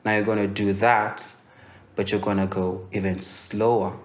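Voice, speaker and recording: A young man from Kenya teaching voice-over in a relaxed, explanatory way, with many fillers and restarts. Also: fairly low pitch, normal speed. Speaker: voice-over coach. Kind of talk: instructional masterclass.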